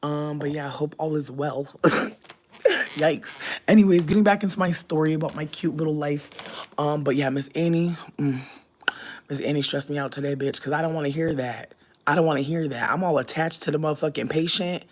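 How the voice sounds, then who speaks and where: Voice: brisk, slight background noise. Chatty, profane young streamer. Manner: chatty, profane storytelling with sudden loud high outbursts. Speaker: livestreamer reading chat. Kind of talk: casual livestream chat.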